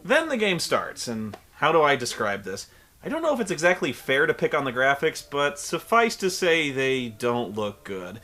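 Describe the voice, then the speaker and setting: A man's voice: a little high, big pitch swings, moderate pace, pushed and bright. A man giving a comedic video game review, sarcastic, exasperated and profane.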